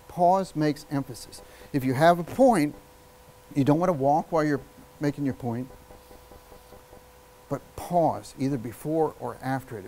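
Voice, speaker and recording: A man's voice: on the high side, a little hiss or hum, low-quality recording. Emphatic man teaching public speaking. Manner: energetic, emphatic, varies speed and volume with long pauses. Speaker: public speaking workshop presenter. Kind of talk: live workshop talk. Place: workshop room with an audience.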